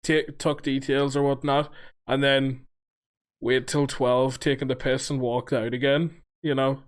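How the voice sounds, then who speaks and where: A man's voice: medium pitch, steady tone, a little slow. A young man co-hosting a casual podcast. He rambles through his points with plenty of fillers and casual swearing. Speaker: podcast co-host. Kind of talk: casual chat.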